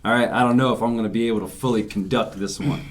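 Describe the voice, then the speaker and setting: A man's voice: fairly low pitch, steady tone, racing. A man hosting a loose, joking podcast chat with friends. He talks casually and laughs often. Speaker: podcast host.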